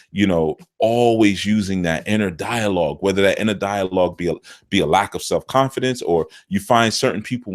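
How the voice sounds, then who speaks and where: A middle-aged man with a fairly low voice teaches through rambling, casual stories. He acts out the people he quotes, jumping far up in pitch. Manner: animated, jumps into quoted voices with big pitch swings. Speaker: spiritual teacher. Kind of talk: casual storytelling talk.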